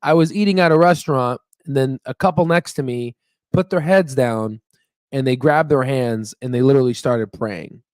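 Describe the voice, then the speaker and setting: A man's voice: medium pitch, normal speed, darkish tone, no room sound, clean studio sound. A young man hosting a stock market channel, chatting casually and rambling with fillers and laughs. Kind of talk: casual livestream chat. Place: staying in Memphis, Tennessee. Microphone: on Wi-Fi stream.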